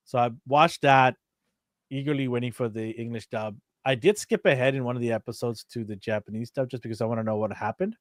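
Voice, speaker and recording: Animated man telling stories, dry sound. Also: medium pitch, fairly quick, dry recording. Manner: animated storyteller, acts out quotes, laughs often. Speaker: co-host of a toy and anime show. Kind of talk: casual chat.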